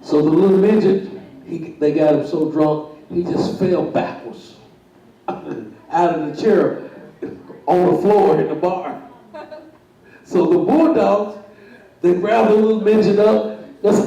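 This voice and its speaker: A man's voice: sits high, unhurried, gravelly, mellow, highs cut off. A man telling a comic story on stage, chuckling, repeating himself and acting out the voices. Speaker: guest storyteller. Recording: very echoey room, voice far from mic.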